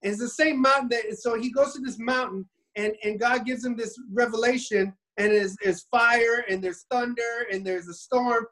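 A man casually retelling a Bible story in an animated, rambling way, often restarting his sentences. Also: very high-pitched, moderate pace, hardly any pauses, rough recording.

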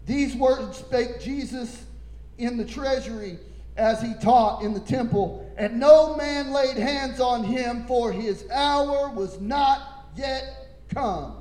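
Male preacher, high voice, slow deliberate delivery, impassioned sermon in an echoey room. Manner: impassioned, building to shouting.

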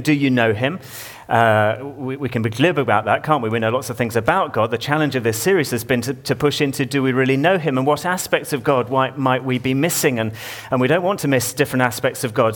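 A male pastor preaching a sermon in a church, talking conversationally and putting questions to the congregation. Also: mid-range voice.

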